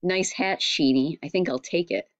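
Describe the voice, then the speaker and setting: A man's voice: fairly high pitch, normal speed, no room sound, lo-fi sound, natural voice. A woman reading a storybook, voicing a taunting teenage bully. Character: teenage bully boy, sneering.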